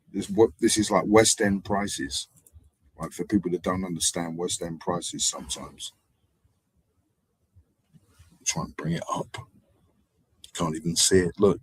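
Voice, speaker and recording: A man hosting a live stream, wandering from story to story in a low, husky voice. He acts out the people in his tales and jumps between loud and quiet. The sound is dry and close. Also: steady tone, unhurried, pauses often, no echo, rough recording. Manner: meandering storytelling with acted-out voices and sudden loudness swings. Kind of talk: rambling live-stream monologue.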